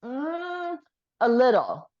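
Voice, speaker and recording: A slightly hoarse woman chatting frankly as an interview guest, with plenty of fillers. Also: high-pitched, big pitch swings, very slow, lo-fi sound. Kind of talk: casual chat.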